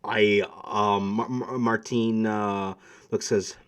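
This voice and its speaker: A man's voice: fairly low pitch, little pitch movement, slow pace, clean tone. A man narrating as game master for a tabletop role-playing game, reading prepared scene text and then improvising with frequent fillers.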